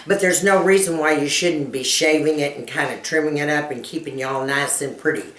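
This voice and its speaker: A woman in her fifties, a lifestyle coach chatting with her viewers, folksy and animated, laughing often as she tells stories. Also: deep voice, fairly quick, echoey room, recorded from a distance, a little hiss or hum. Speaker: lifestyle coach and channel host. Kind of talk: casual chat answering viewer questions.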